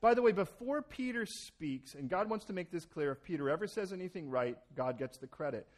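A man preaching a sermon as pastor, animated, acting out quoted exchanges and repeating words as he starts a thought. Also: sits high, brisk.

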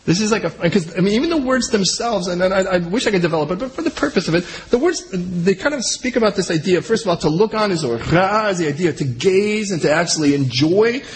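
A man's voice: high voice, expressive, fast talker, few pauses, a little hiss or hum, poor audio. A man preaching a sermon in a loose, conversational way, full of joking asides and sentences he breaks off and restarts. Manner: restarts and trails off mid-sentence. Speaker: pastor.

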